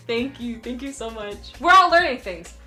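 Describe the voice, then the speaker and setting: A woman's voice: high-pitched, bright, forceful tone. A young woman streamer chatting casually with her viewers, often laughing and apologizing as she reads chat.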